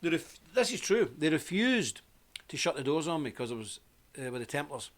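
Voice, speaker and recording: A man's voice: on the high side, sing-song, brisk, slight background noise. A man hosting a live stream, telling a rambling anecdote and greeting viewers by name in a casual, chatty way.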